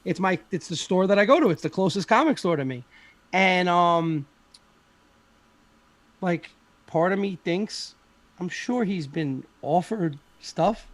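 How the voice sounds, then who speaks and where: A man's voice: sits high, animated, unhurried, long pauses, a bit bright, no room sound. A man chatting casually on a podcast, rambling with lots of fillers and frequent swearing. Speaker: podcast participant.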